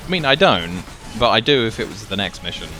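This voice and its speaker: A man giving casual live commentary as he plays a video game, thinking aloud with excitable outbursts. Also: fairly low pitch, brisk, soft background music. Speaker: gaming channel host.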